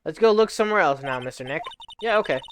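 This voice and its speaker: A man's voice: a little high, lively intonation, fast, fairly bright tone, a little hiss or hum. A man casually reading visual novel dialogue aloud on a live stream, chatting and laughing between lines.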